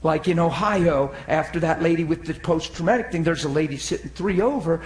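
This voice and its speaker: A man preaching a sermon, telling stories and acting out the voices of the people in them, swinging from loud outbursts to hushed tones. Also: on the high side, a little fast. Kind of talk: sermon storytelling. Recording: echoey room.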